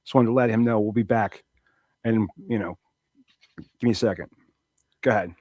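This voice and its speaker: A man's voice: on the low side, normal speed, darkish tone, no echo. A man co-hosting a podcast, chatting casually with wry asides and offhand swearing. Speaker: podcast co-host. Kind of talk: casual chat.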